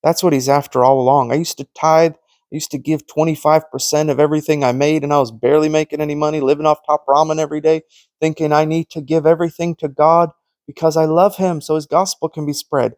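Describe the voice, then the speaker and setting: A man with a fairly high voice preaches in a loose, conversational way, acting out the voices of people in his stories. The sound is dry and close, with no room echo. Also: steady tone, fast talker, darkish tone. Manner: storytelling that acts out quoted conversations; earnest, conversational. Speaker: Christian teacher. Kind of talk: informal preaching monologue.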